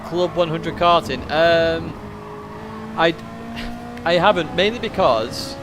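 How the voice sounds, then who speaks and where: A sim racing streamer with a slightly high voice speaks slowly over music, commentating live on his own race and reading viewer chat. He mumbles asides as he drives, with the game's car engine noise running behind him.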